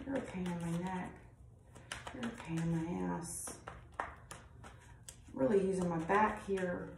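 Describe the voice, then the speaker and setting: A woman's voice: fairly low pitch, unhurried, vocal fry, long pauses. Blunt woman reading tarot in a roomy space. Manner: blunt and rambling, with frequent swearing. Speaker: tarot reader. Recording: roomy, distant mic, faint noise.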